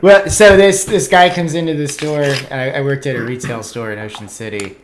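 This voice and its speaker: A man's voice: medium pitch, steady tone, normal speed. Wry, self-mocking man telling a story. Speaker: comedian guest. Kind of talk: casual podcast storytelling.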